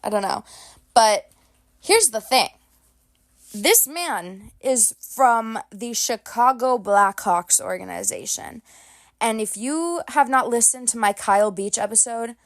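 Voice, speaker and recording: Chatty young woman podcast host. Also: mid-range voice. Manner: chatty, many "like"s, laughs at herself. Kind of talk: solo hockey podcast chat. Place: home, dogs beside her.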